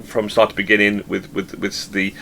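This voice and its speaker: A man hosts a casual rock review show with a bright, ringing voice. He talks in loose, rambling sentences full of ums and restarts. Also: on the low side, completely flat delivery, moderate pace, gravelly. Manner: rambling, many fillers. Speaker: show host.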